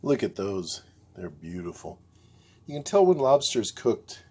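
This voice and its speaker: A man's voice: fairly low pitch, very animated, unhurried, warm tone, husky. A man hosting a home cooking video, casually walking through each step and admiring the food. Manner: easygoing, keeps calling the food beautiful. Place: home kitchen.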